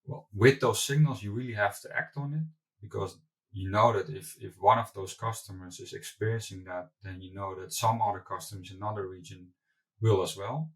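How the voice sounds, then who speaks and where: A man's voice: lowish voice, fairly even intonation, fairly quick, recorded from a distance, poor audio. A man, a company founder being interviewed, answering candidly with loose asides and restarts. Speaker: company founder and CEO, guest.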